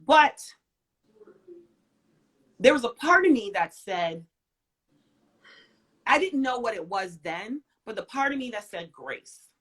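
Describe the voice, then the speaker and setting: A woman in her forties, a guest in an interview, telling a personal story in an emphatic way, swinging from loud to soft. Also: a little high, big pitch swings, slow pace, long pauses.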